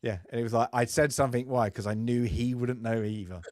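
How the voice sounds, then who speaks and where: A man in a relaxed film-podcast chat, rambling through an anecdote and breaking into laughter, slipping into the voices of the people in his story. His voice sits at an ordinary middle pitch and is recorded dry and close, with no room sound. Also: brisk, no room sound. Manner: chatty storyteller who laughs often and acts out quoted voices. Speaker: co-host of a film review podcast. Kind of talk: casual chat, telling an anecdote.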